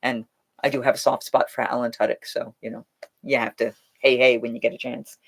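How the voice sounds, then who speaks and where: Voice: medium pitch, level tone, fairly quick, vocal fry, husky. Role: live-stream host. Type: chatty, rambling, thinks aloud while answering viewer questions. Mic: USB desk microphone. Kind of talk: casual live chat. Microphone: Logitech USB microphone.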